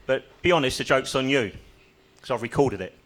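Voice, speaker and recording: A man's voice: mid-range voice, lively intonation, fairly quick, a bit bright, slight background noise. An older man doing a stand-up comedy set on a club stage, telling stories with dry, self-mocking humor.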